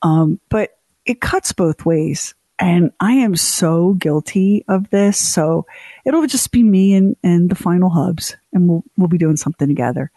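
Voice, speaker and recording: Animated, teasing woman radio co-host. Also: lowish voice, unhurried, no echo. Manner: animated storytelling, mock voices, teasing. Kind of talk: casual radio chat.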